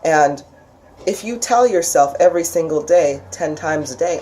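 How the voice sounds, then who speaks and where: A woman teaching a casual spiritual lesson, talking chattily with many restarts and acting out quoted voices with big jumps in pitch. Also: animated, a little fast, a little mellow. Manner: frequent restarts and laughs.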